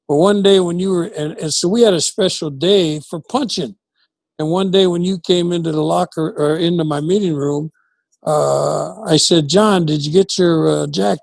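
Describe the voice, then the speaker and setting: Gravelly older man telling coaching stories. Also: a little high, normal speed, no room sound. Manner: animated storyteller who acts out quoted dialogue. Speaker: guest, former football coach. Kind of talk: reminiscing interview storytelling.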